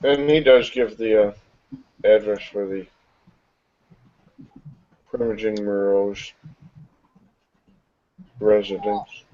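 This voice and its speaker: A man narrating a tabletop game as game master, in a relaxed, halting way. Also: on the low side. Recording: dull lo-fi recording.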